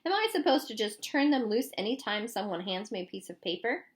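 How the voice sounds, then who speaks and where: A woman reading an audiobook voices a cold female camp warden who talks in a smooth, defensive, self-justifying way. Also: mid-range voice, very animated, brisk, pitched above the performer's own voice, lightly acted.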